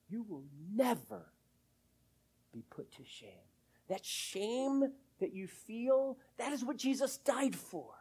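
A middle-aged male pastor delivering a sermon with a lively, wide-ranging voice that rises and falls. He leans hard on key words and stretches them out, then drops to a hushed near-whisper for emphasis before building back to loud, earnest declarations. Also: high-pitched, breathy edge.

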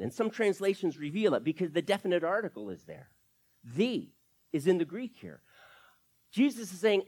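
A pastor preaching with a lively, swooping voice that rises and falls widely. The voice sits at a middle pitch and keeps asking the congregation questions while explaining scripture verse by verse. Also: moderate pace. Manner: animated preaching with rhetorical questions. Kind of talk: sermon.

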